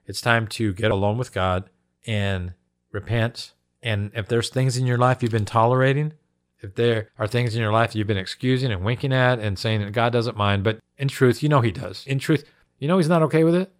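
A man's voice: fairly low pitch, fairly even intonation, moderate pace. A fired-up male preacher delivers an online sermon with mounting intensity. He hammers his points through repetition and talks straight to his audience. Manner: impassioned, emphatic repetition, addresses audience as folks. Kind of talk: fiery sermon-style commentary.

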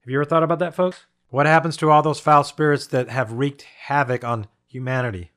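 A man's voice: medium pitch, steady tone, fairly quick, a bit bright. A man teaching on Bible prophecy, reading scripture and asking his listeners rhetorical questions in an emphatic style. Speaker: preacher.

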